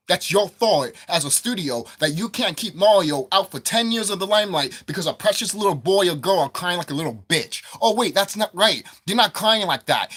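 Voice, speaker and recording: A man's voice: high voice, bright, forceful tone. A man delivering a profane, heated rant about video game prices, repeating himself as he builds up steam. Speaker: gaming commentator. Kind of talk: angry gaming rant.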